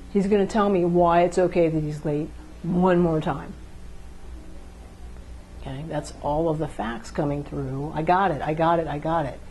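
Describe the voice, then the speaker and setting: A relationship speaker, a woman, talks casually about how couples communicate, acting out quick exchanges between partners to illustrate each point. Her voice sits low with a warm tone, though the audio is poor and carries slight background noise.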